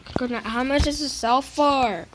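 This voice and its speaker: A woman's voice: on the high side, slow pace, background noise. A woman giving casual gameplay commentary, playfully whiny and fake crying over bad loot. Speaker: gaming video creator.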